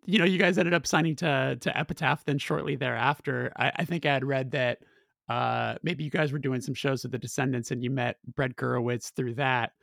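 Male podcast host, gravelly voice, dry close mic, easygoing questions. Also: medium pitch, a little fast, no room sound. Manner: relaxed, curious questions with filler words. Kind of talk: casual interview.

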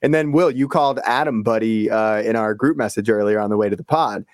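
A man, a podcast guest telling a story in casual, animated chat and swearing freely. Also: fairly low pitch, fairly quick, dry recording, clean studio sound. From Boston area.

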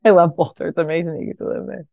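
A woman in her thirties with a notably low voice tells stories on a podcast. She talks casually, drops the odd swear, and lifts into high voices to act out quotes. The sound is close and dry. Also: steady tone, very fast, vocal fry, warm tone, no room sound. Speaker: guest, fashion brand founder. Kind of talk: casual interview storytelling.

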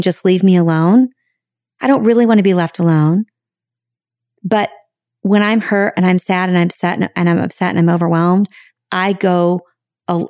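A woman hosting a podcast, talking in a frank, reflective way with sudden high bursts of emphasis and some casual swearing. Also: darkish tone, dry recording, studio quality. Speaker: podcast host. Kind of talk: candid podcast monologue.

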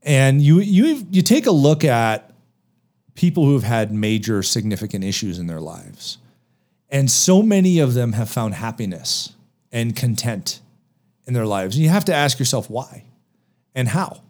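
A man's voice: mid-range voice, big pitch swings, measured pace, darkish tone. A man speaking on a podcast about a book of motivational advice, emphatic and full of rhetorical questions. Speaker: podcast guest author.

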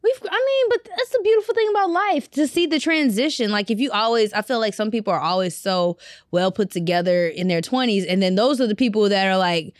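A woman's voice: medium pitch, animated, brisk, dry recording, clean studio sound. A young woman, co-hosting a casual podcast chat, laughing often and giving blunt advice. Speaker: podcast co-host.

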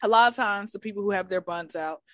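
A woman's voice: mid-range voice, quick pace, dry recording, clean studio sound. A woman, a podcast guest telling a casual, comedic story. She talks bluntly and teasingly, rambling off on tangents. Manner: rambling, digressive, keeps saying back to the story.

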